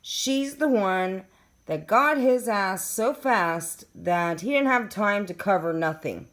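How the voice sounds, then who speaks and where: A woman's voice: medium pitch, animated, slow pace, fairly bright tone. A woman talking casually to her viewers as a true crime vlogger, reading from case documents and making her points emphatically. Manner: chatty, addresses viewers directly, reads documents aloud. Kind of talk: casual talk to camera.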